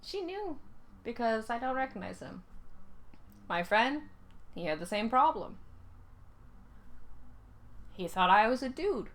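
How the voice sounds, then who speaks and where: A young woman from Canada giving casual reaction commentary, often pausing and searching for her words. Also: on the high side, expressive, fairly bright tone. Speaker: reaction video host.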